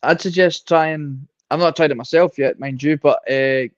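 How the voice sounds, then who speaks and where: A Scottish man co-hosting a casual live podcast in a relaxed, halting way. His mid-pitched voice comes over a dull, dry remote call line. He often restarts his sentences. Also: dry recording. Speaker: podcast co-host.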